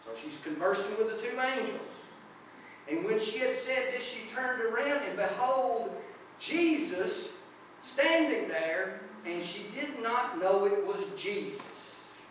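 A man preaching a sermon as pastor, earnest and unhurried, breaking into short prayers and reading scripture aloud. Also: high-pitched, expressive, a bit bright, slight background noise. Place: church sanctuary. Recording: echoey church from far off.

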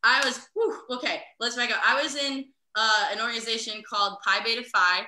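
A woman's voice: on the high side, fairly even intonation, a little fast, pushed and bright. A young woman from the Midwest doing a profane stand-up set over a video call, laughing through her jokes. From American Midwest. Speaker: stand-up comic. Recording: roomy echo.

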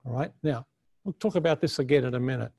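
A man's voice: mid-range voice, fast, creaky, dark tone. A man teaching a conference session on the Bible, earnest and unscripted, often restarting his sentences as he thinks aloud. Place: conference room.

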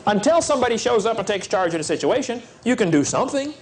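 A middle-aged man preaching a lively seminar talk to young people, folksy and energetic in his storytelling. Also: high voice, fast, slight background noise. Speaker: evangelist speaker.

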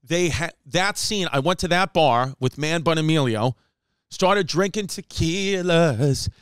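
Comedy podcast guy ranting a story, kinda high voice, crisp and dry close mic. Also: normal speed, dry recording. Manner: animated, profane, slips into mock voices and Spanish phrases. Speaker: podcast host.

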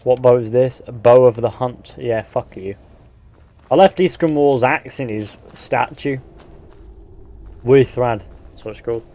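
Unhurried and steady, with long pauses, this man speaks in a warm mid-range voice. He's from England, with a mix of Northern, West Country and Midlands accents, swearing and talking bluntly in a casual gaming stream while reading viewer comments aloud.

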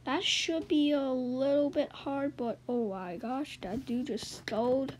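High-voiced excitable woman gaming. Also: measured pace, slight background noise, low-quality recording. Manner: excitable, swings between loud yelps and low mutters. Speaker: gaming YouTuber. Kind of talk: let's-play game commentary.

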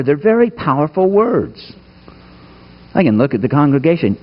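Lively emphatic male preacher. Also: on the high side, moderate pace, highs cut off. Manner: emphatic, with rhetorical questions to the congregation. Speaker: pastor. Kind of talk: sermon. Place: church sanctuary.

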